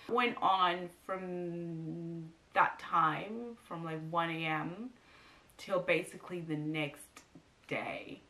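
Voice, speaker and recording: A woman's voice: low-pitched, steady tone, unhurried, bright, forceful tone. A young woman and new mother chatting to camera, telling a personal story with lots of fillers and acted-out quotes.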